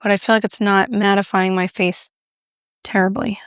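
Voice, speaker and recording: A woman's voice: medium pitch, level tone, normal speed, clear, resonant tone, no echo, studio quality. A woman chatting casually to camera while doing her makeup, talking through a product review with a self-mocking, playful manner. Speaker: beauty vlogger.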